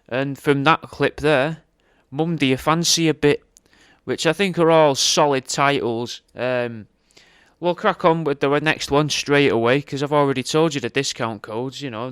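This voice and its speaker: A man's voice: medium pitch, clear, resonant tone, dry recording, studio quality. A man hosting his podcast, chatting laid-back between clips and plugging his own offers. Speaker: podcast host. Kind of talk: casual podcast chat.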